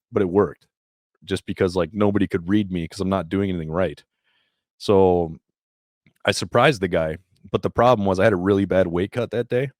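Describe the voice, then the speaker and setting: A man's voice: low-pitched, no echo, clean studio sound. A man guest on a podcast, a former fighter, telling stories in a casual, profane, laughing way. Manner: profane, laughing, energetic storytelling. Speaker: podcast guest, jiu-jitsu brown belt and former MMA fighter. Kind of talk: casual storytelling.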